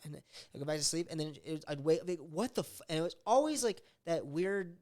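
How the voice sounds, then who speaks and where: A man's voice: fairly high pitch, expressive, quick pace, a little mellow. A man telling a story in casual chat, swearing often and acting out voices in his quotes. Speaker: podcast host.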